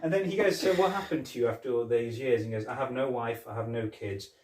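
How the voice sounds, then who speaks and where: A man chatting on a podcast, acting out quoted lines as he goes. His voice sits at an everyday pitch. He is miked from a distance in a roomy space. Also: fast talker. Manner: animated storytelling, retelling scenes with quoted lines and laughs. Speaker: podcast co-host. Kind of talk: casual chat.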